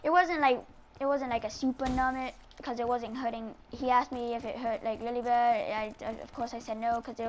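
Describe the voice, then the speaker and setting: A rambling woman with a high voice tells a casual story while she plays a game. She leans hard on filler words and restarts. Faint noise runs behind her. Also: steady tone, brisk. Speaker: gamer telling a story. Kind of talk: casual storytelling over gameplay.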